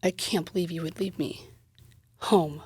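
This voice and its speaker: A woman's voice: on the low side, steady tone, measured pace, husky, no room sound. A woman quoting a hissing, furious husband. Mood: hissing fury. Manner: hissed, hushed delivery. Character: angry abusive husband, big man.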